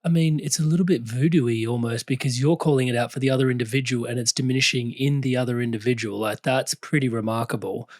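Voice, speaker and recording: A man's voice: medium pitch, fairly even intonation, fast, few pauses, dry recording. Man with a dry close-mic sound. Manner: reflective, filler-heavy questions. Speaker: podcast host. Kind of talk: interview chat.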